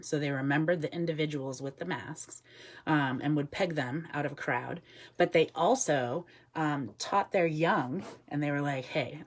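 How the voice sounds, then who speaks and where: A woman with a low voice gives a relaxed live talk as a wildlife educator, filling her sentences with ums. She answers viewers' comments and murmurs soft asides to the bird beside her. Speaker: wildlife educator with an animal ambassador.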